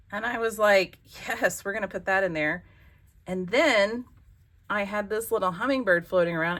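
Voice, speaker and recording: Chatty woman hosting a slow craft vlog. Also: medium pitch, fairly bright tone. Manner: chatty, exclamatory, talks to herself while working. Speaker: crafting channel host. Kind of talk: casual crafting vlog chat.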